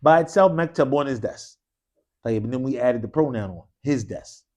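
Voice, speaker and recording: Speaking briskly in an expressive, mid-range voice with a slightly mellow quality, a man drills his Arabic students call-and-response style. He mixes English and short Arabic phrases, quizzing them with repeated "what?" prompts in a mosque classroom.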